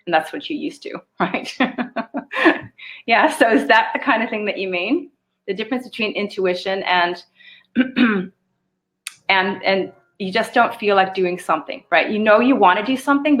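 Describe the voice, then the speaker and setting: A woman's voice: on the low side, a bit bright. Chatty woman channeling spiritual guidance. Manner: casual and chatty, with laughs and the odd swear word. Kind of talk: live-stream spiritual guidance, answering viewer questions.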